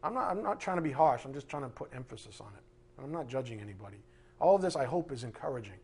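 A middle-aged man preaching with a husky voice, firing off rhetorical questions and swinging from loud outbursts to hushed asides. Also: medium pitch, very animated, very fast. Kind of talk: sermon.

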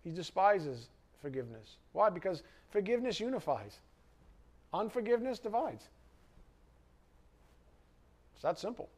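Animated preacher, a man with a higher voice. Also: moderate pace, pauses often. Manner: animated, asks the congregation questions, rises sharply when worked up. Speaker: pastor. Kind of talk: sermon. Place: church hall with congregation.

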